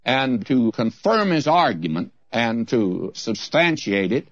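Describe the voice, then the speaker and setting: Folksy, animated preacher man. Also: mid-range voice, takes it slowly, no echo. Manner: folksy, anecdotal and emphatic. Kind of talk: radio Bible teaching. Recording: dry, slightly dull lo-fi recording.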